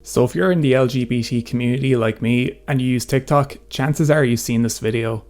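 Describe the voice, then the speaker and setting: A man's voice: mid-range voice, brisk, darkish tone, faint music behind. A nineteen-year-old man giving a sarcastic, profane commentary rant in a casual way. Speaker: commentary YouTuber. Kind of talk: ranting commentary.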